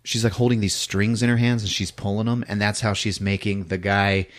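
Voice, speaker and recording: A man casually recapping a horror film on a podcast, acting out shouts and sound effects and laughing as he goes. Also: fairly low pitch, a little fast. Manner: animated retelling with acted-out shouts and sound effects; laughs often while talking. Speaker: podcast host.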